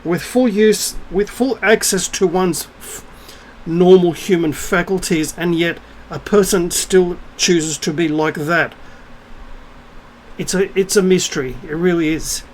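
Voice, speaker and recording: Talking straight to camera, a middle-aged man with a high voice takes his time over a casual, scornful rant laced with swearing. He's a spiritual vlogger, and the recording is low quality with slight background noise.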